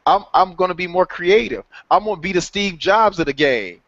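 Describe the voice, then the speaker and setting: Male motivational mentor, slightly high voice, halting then emphatic, dry dull audio. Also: lively intonation, fairly bright tone, no echo. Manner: halting, many fillers, then emphatic and laughing. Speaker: author and mentor guest. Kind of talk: motivational talk on a live call.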